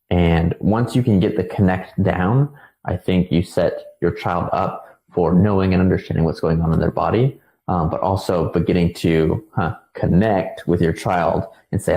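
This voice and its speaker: A young man who works as a counselor, explaining parenting ideas in a relaxed, casual way, with many fillers and repeated words. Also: sits low, gravelly, reverberant, rough recording. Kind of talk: casual educational talk.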